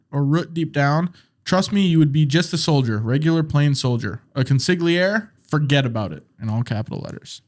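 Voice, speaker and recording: A man hosting a casual podcast, joking and rambling with lots of fillers as he reads comments and riffs with friends. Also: a little high. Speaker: podcast host.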